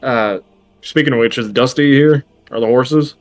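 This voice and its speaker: A man's voice: medium pitch, normal speed, no room sound. A man playing in a tabletop game, talking loosely and rambling. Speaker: player. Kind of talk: casual tabletop play.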